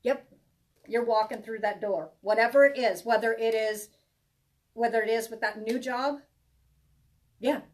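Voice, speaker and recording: A woman's voice: on the high side, measured pace, pauses often, a little mellow, distant mic. A woman giving a live tarot reading to viewers, chatty and reassuring, rambling with many restarts. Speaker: tarot reader.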